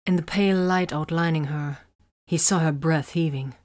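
A woman reading romantic fiction aloud in a soft, breathy voice that often drops near a whisper. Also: deep voice, normal speed. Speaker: narrator.

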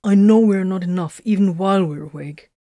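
A woman's voice: medium pitch, a little fast, warm tone, no room sound, natural voice. A woman reading the lines of a stern, cautious male warrior leader in a storybook reading, with a careful, firm delivery.

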